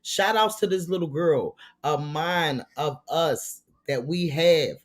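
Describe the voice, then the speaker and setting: A man's voice: a little high, slow pace. A male vlog host giving casual, rambling commentary full of slang.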